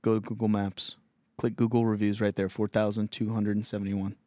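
A man's voice: on the low side, little pitch movement, brisk, warm tone, no room sound. Profane, laughing storyteller man. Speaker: podcast host. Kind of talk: casual storytelling.

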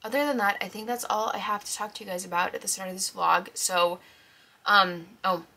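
Congested woman with a gravelly voice. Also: mid-range voice, fairly even intonation, a little fast, sharp tone. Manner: chatty, rambling, frequent fillers. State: congested, scratchy throat. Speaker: book vlogger. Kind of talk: casual vlog chat.

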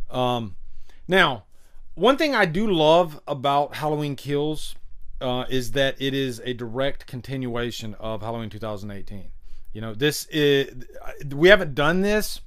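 A man's voice: medium pitch, a bit bright. A man hosting a live stream, chatting casually and enthusiastically with many fillers and restarts. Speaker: host of a live stream show. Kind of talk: casual live stream chat, reading chat comments.

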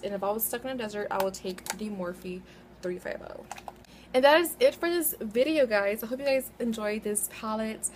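A chatty young woman with a fairly high voice rambles casually to her camera at home, correcting herself now and then. A faint hum of room ambience sits behind her. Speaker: beauty vlogger. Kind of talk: casual chat.

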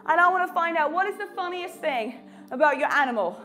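A very high, bright-pitched woman leads a live home workout, counting reps and cueing each move with upbeat encouragement. Faint music plays underneath her voice. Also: expressive, brisk. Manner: upbeat, encouraging cues, chats to her dog. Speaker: fitness instructor.

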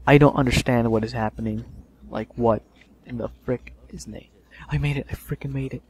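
A young man giving casual let's play commentary, swearing and yelling in frustration as he plays. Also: mid-range voice, steady tone, moderate pace, a little hiss or hum.

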